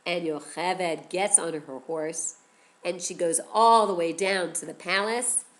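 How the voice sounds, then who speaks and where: A woman teacher telling a story to children, animated and expressive, often asking questions. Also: fairly low pitch, unhurried.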